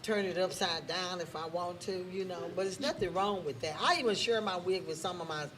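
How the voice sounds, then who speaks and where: A woman's voice: on the low side, brisk, noisy background. A woman in her fifties hosting a casual live talk show, chatty, laughing often as she reads viewer comments aloud.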